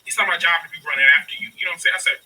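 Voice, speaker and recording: A man's voice: fairly high pitch, very fast, pushed and bright, husky, far from the mic, rough recording. A man in his thirties telling a story in casual chat, profane and emphatic, acting out both sides of the arguments. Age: 30s. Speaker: podcast host telling a story.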